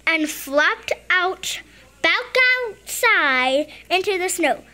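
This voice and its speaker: A woman reading a picture book aloud slowly and haltingly, stumbling and restarting on words. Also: very high voice, animated, bright, forceful tone. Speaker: reader.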